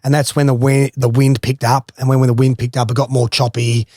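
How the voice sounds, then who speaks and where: With a mid-range voice and a brisk delivery, an Australian-accented man who used to play football animatedly recounts a swimming tale, cursing freely and laughing as he goes. The studio recording is clean, with no echo.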